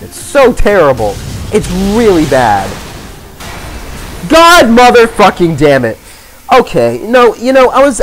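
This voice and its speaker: A man giving gaming commentary as a let's play host, ranting in exasperation, swearing and yelling at the game. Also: sits high.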